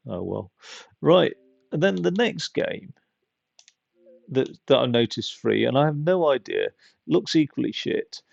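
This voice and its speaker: A man's voice: medium pitch, gravelly, a little mellow, dry recording. A man giving casual, rambling gameplay commentary with chatty, self-mocking asides on a slightly dull, lo-fi mic. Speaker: gaming channel host.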